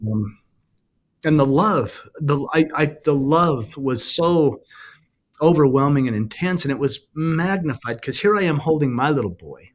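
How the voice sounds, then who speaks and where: A middle-aged man recounting a deeply personal experience in an earnest, halting way, often restarting and slowing down. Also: expressive. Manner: earnest, halting, with many restarts and slow pauses. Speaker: guest sharing a personal story. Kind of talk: emotional personal testimony.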